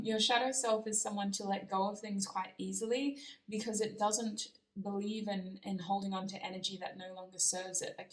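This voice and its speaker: A woman's voice: mid-range voice, recorded from a distance. A woman giving a casual tarot reading, rambling and correcting herself as she goes. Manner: rambling and self-correcting, with soft laughs. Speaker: tarot reader. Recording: roomy echo, mic set back.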